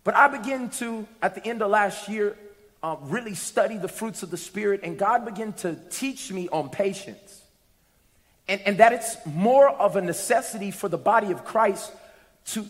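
A man preaching a sermon in a church, animated and humorous, pulling the congregation in with questions. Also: sits high. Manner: animated, humorous, call-and-response. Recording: echoey hall.

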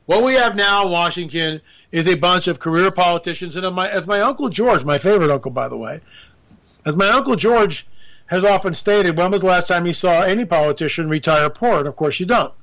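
A man's voice: sits high, animated, fairly quick, fairly bright tone. A man hosting a radio show, riffing through a sarcastic, rambling political monologue with jokey asides.

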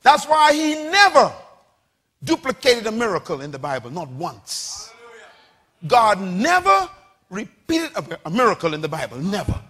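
Male preacher, very high and sharp-toned, fiery call-and-response sermon delivery. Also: big pitch swings, normal speed, slightly rough. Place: church with congregation.

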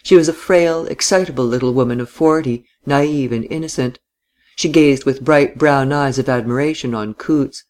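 Man reading a novel in a measured voice. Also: mid-range voice, a little mellow. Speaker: audiobook narrator. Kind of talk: scripted narration.

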